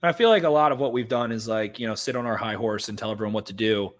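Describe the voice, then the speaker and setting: A man's voice: lowish voice, quick pace. A young man co-hosting a sports podcast, talking in an emphatic, ranting way and repeating points for effect. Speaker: podcast co-host. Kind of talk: casual sports talk.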